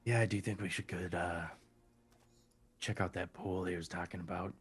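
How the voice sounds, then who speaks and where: Husky low-voiced man player. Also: fairly even intonation, normal speed. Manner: laughs easily, chatty. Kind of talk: casual tabletop game chat.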